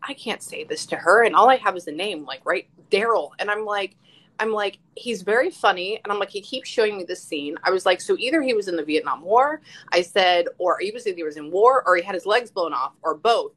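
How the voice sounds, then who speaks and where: A psychic medium tells stories in a casual live-stream chat, animated, swearing freely, and acting out quotes. Her voice is medium-pitched and brisk, and the recording quality is low.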